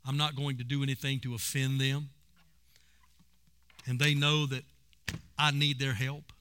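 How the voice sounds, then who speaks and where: A man's voice: mid-range voice, little pitch movement, a little slow, pushed and bright, smooth. A man preaching a sermon and telling stories with emphasis. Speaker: pastor.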